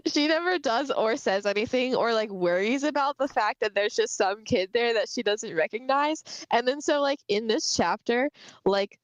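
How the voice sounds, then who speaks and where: A woman co-hosting a casual book discussion livestream, chatty and quick to laugh, swearing casually as she recaps. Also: on the high side, expressive, no echo, lo-fi sound. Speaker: podcast co-host.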